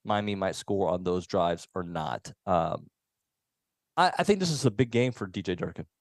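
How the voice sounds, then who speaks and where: Low-voiced man hosting sports radio. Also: lively intonation, moderate pace, dry recording. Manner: easygoing, reads listener texts and live ad copy. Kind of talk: casual sports radio chat. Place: radio studio.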